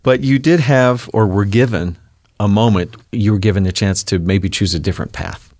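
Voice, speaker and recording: A man's voice: lowish voice, moderate pace, a little mellow, dry recording, clean studio sound. A man interviewing a guest, prompting him with brief remarks and light humor.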